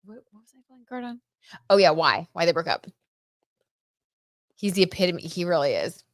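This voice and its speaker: A young woman with a fairly low voice reads tarot cards on a casual livestream, chatting with her viewers and breaking into giggles. Her voice sounds close and dry, with no room around it. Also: very animated, a little fast, no echo. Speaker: tarot reader and livestream host.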